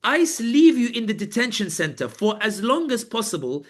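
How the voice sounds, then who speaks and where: Man, guest journalist on a live panel, animated storyteller acting out quotes, fairly high voice. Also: moderate pace. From Britain. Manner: vivid storytelling, acts out guards and inmates in quotes.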